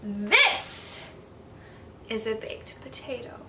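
Woman doing a soft, hushed wise owl. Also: on the high side, very animated, very slow, recorded from a distance, a little hiss or hum, heavily acted. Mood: calm. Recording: echoey room, voice from off-mic.

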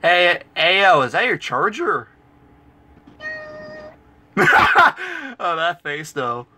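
A man's voice: fairly high pitch, very animated, very slow, very noisy. A teenage boy chatting casually and joking with friends on a gaming call, laughing often. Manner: giggly, joking, playful. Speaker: vlogger on a call.

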